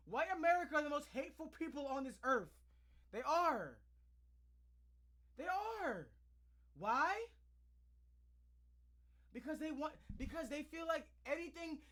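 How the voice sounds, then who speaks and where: A man's voice: extremely high pitch, a bit bright. A man hosting a reaction video, ranting in heated, profane commentary.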